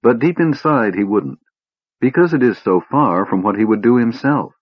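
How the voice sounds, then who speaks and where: A man voicing a young woman, speaking softly and earnestly to a friend. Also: medium pitch, animated, moderate pace, slightly rough, no room sound, highs cut off, pitched above the performer's own voice. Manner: soft, earnest pleading.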